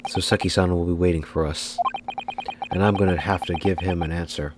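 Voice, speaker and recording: Deep-voiced man reading a game aloud. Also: fairly even intonation, a little fast, very noisy. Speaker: let's-play host. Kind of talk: voicing a game while playing.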